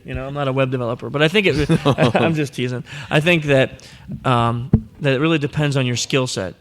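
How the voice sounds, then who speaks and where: A man's voice: on the high side, normal speed, fairly bright tone. Joking male podcast host live. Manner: joking, teasing, acts out quoted voices. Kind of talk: live panel talk with audience questions. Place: live event before an audience.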